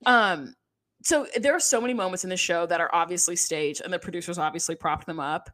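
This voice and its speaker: Animated young woman gossiping on a podcast. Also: fairly quick. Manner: animated, gossipy, acts out quotes with pitch jumps. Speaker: podcast host. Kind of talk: casual chat.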